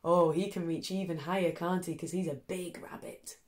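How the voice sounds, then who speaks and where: A woman teacher reading a picture book to young children from her sofa at home, in a gentle, encouraging voice. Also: lowish voice, steady tone, normal speed.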